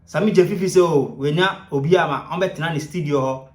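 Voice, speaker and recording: A man gives lively, scornful commentary. His voice sits a little high, and the room around him is echoey. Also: brisk.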